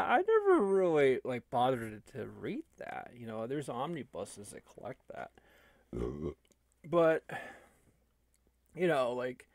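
A man's voice: mid-range voice, dry recording. A man, an online video creator, talking casually and rambling with many restarts.

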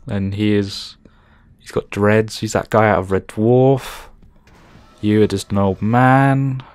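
With a lowish, slightly mellow voice and no echo, this man narrates his video game playthrough as a gaming YouTuber. The let's play commentary is sarcastic, profane and sprinkled with jokes.

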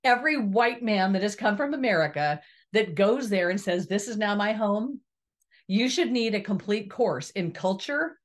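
A woman's voice: medium pitch, animated, moderate pace. Earnest woman giving an inspirational talk. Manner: earnest, preachy, emphatic repetition. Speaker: motivational speaker. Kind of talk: inspirational monologue to camera.

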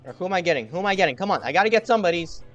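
A young man giving excited gameplay commentary, trash-talking and yelling at other players. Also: high-pitched, rapid-fire, lo-fi sound, faint music behind. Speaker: gaming youtuber.

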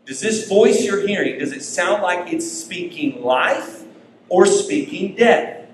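A man preaching a sermon as pastor, emphatic, with his pitch rising and falling. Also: animated, takes it slowly, a little hiss or hum. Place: church sanctuary. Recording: echoey church hall.

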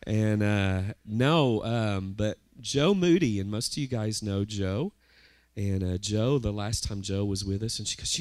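A man's voice: on the low side, unhurried, darkish tone, no room sound. A man, the church's pastor, introducing a guest speaker in a chatty, informal way.

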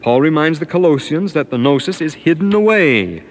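A man's voice: fairly high pitch, lively intonation, brisk, slight background noise. Middle-aged guy lecturing on old-time radio, scholarly and emphatic, reads out long quotes. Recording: 1950s radio broadcast.

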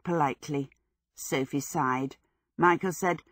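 Woman audiobook narrator, lowish voice, dry close sound, measured expressive reading. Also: no room sound. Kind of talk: scripted narration.

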